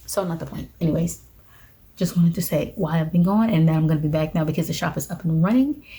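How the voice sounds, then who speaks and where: A woman's voice: sits low, fast talker, mellow. A young woman talking casually on her vlog, chatty and self-deprecating, laughing at her own slips. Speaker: witchcraft vlogger.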